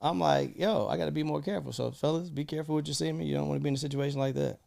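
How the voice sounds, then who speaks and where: A young man, co-hosting a podcast and telling a story in casual, swearing chat, acting out voices with big jumps in pitch. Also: very fast, gravelly. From Chicago. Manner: animated, swearing, acts out quoted lines with big jumps in pitch. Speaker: podcast co-host.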